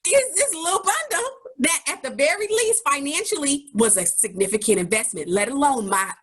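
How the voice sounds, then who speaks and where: A woman co-host in casual chat with a high voice that swings widely in pitch. She talks expressively and laughs often, firing off rhetorical questions. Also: expressive, moderate pace. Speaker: podcast co-host.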